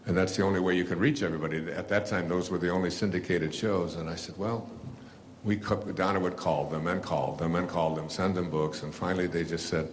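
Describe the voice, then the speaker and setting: A man's voice: deep voice, fairly even intonation, a little fast, a little hiss or hum. An older man, an author telling a rambling story to an audience, full of fillers and restarts. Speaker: author and speaker.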